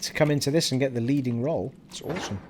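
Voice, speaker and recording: Brief: male streamer, casual and jokey, medium pitch, faint background noise. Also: rapid-fire. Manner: chatty, jokey, laughs often. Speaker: live streamer. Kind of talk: casual gaming commentary.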